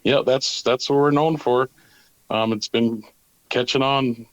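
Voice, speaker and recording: A man's voice: mid-range voice, steady tone, measured pace, no room sound, muffled recording. A man who owns a tackle company, answering interview questions in a plain, matter-of-fact way.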